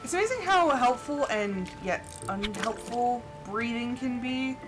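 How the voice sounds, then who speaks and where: A young woman chats casually on a live stream while gaming. Her voice sits fairly high and swings widely in pitch as she laughs and acts out her own thoughts. Clear game music plays behind her. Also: expressive, a little slow, low-quality recording. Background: background music.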